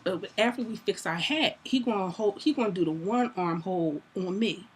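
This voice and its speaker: Animated young woman telling a story. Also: medium pitch, moderate pace, husky. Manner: animated, laughing, acts out both sides of the story. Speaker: vlogger. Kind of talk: casual storytelling to camera.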